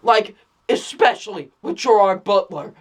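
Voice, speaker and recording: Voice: mid-range voice, expressive, unhurried, breathy edge. A film reviewer in a casual spoken review who keeps exclaiming, repeats phrases, restarts sentences and often breaks into laughter. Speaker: movie reviewer.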